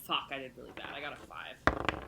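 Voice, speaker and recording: A woman playing a tabletop game, chatty and hesitant, thinking her moves through out loud. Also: very deep voice, expressive, a little fast, gravelly, very noisy. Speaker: player. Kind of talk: casual tabletop play.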